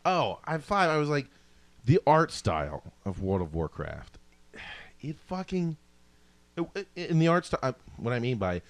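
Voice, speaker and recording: A man co-hosting a podcast, chatting casually in animated, self-mocking rants with plenty of swearing. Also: medium pitch, unhurried, dry recording. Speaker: podcast co-host. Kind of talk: casual chat.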